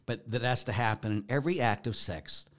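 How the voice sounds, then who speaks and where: A man's voice: medium pitch, fairly quick. A middle-aged man, a Catholic priest, preaching in a folksy, joking way with emphatic bursts. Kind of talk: informal preaching talk.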